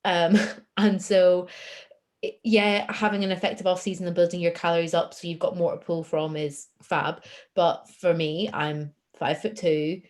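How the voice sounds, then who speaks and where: A woman with a slightly low voice talks openly as a podcast guest. She is self-deprecating and laughs easily. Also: fairly even intonation, normal speed, darkish tone. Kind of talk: casual chat.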